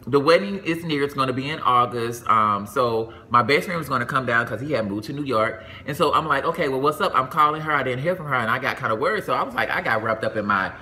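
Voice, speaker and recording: A young adult man from Atlanta telling a personal story in a casual, animated way, jumping into high voices for the people he quotes. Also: fast, few pauses, slight background noise.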